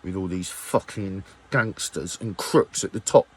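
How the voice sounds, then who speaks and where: A man's voice: sits low, a little slow, breathy edge. A man ranting angrily at his viewers, swearing often and firing off rhetorical questions. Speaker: musician vlogger. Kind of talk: angry rant to camera.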